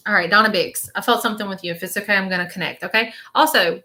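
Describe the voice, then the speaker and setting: Bright-voiced chatty woman medium. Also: medium pitch, fast. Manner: chatty, reassuring, keeps checking in with "okay?". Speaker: spiritual medium. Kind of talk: live-stream reading.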